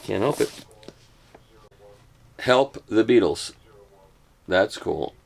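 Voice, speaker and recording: An older man talks casually as he unboxes a set of records, tossing off jokes at his own expense as he goes. His voice is low and carries a gravelly edge. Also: animated, drawn-out words, darkish tone. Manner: joking, self-mocking asides. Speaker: host reviewing a record box set.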